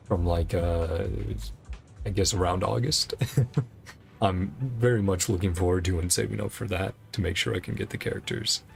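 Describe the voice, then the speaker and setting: A man's voice: fairly low pitch, vocal fry. A man streaming a video game, chatting casually and rambling with frequent chuckles. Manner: relaxed, rambling, chuckles often. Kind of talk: casual gameplay commentary.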